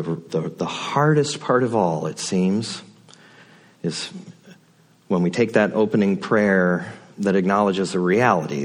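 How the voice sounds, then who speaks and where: A man's voice: sits low, darkish tone. A man giving a sermon from a church pulpit, conversational and reflective, with folksy asides. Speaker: guest speaker at the pulpit. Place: church sanctuary.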